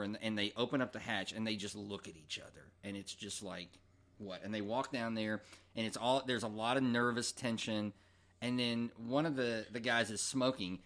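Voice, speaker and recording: A man's voice: on the low side, a bit bright. A man co-hosting a movie podcast in casual chat. He talks enthusiastically and repeats words as he gathers his thoughts. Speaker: podcast co-host.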